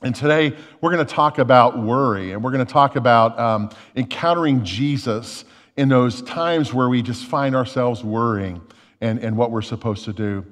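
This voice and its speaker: A man's voice: mid-range voice, moderate pace, big-room sound. A male lead pastor giving a conversational sermon, repeating words as he thinks, recorded in a church. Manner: conversational, repeats words while thinking, tells a joke story.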